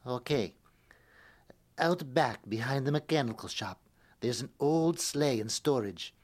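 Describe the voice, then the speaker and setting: Nervous elf coworker, played by a woman, very low voice, hesitant, conspiratorial, family radio play. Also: lively intonation, measured pace, a little mellow, exaggerated voice. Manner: hesitant, conspiratorial, stumbling over words.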